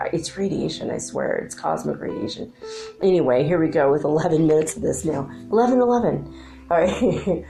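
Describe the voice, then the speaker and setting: Low gravelly-voiced chatty woman. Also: a little mellow. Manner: chatty, rambling, laughs often, many "like"s. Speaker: spiritual channeler and show host. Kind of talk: casual spiritual talk.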